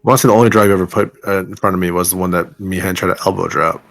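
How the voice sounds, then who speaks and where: A man's voice: low voice, steady tone, rapid-fire, gravelly. A man playing a tabletop game, chatting offhand with the table. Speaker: player. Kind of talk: casual table chat.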